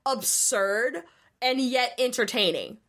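A woman's voice: a little high, animated, takes it slowly, a bit bright. A young woman on a podcast, chatting casually and animatedly retelling a show, peppering her talk with "like".

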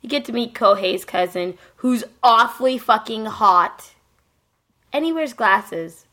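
A woman's voice: fairly high pitch, animated, unhurried, bright, forceful tone. A woman hosting a casual podcast, recapping an anime in a rambling, profane way full of fillers. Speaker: podcast host.

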